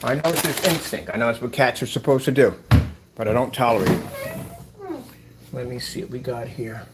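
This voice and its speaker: Casual male vlogger at home, talkative, mid-pitched voice, noisy home recording. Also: fairly quick. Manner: talkative, talks softly to a rescued bird. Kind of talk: casual vlog talk to camera. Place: at home, indoors.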